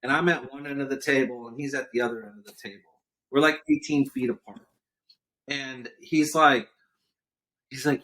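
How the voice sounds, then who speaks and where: His voice is gravelly and mid-range at a normal speed as this guest entrepreneur tells a business story on a podcast. In the storytelling interview chat, he animatedly acts out what other people said.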